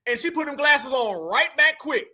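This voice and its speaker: High, bright-voiced emphatic male host. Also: lively intonation, moderate pace. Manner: emphatic and preachy, keeps calling the audience fam. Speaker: commentary host. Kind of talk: reaction commentary.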